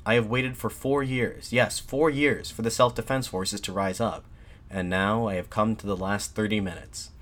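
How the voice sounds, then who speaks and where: A man voicing a defiant nationalist addressing soldiers from a balcony, in an impassioned, shouted pleading manner. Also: fairly low pitch, fairly even intonation, normal speed, close to an everyday voice. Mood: fervent, shouting.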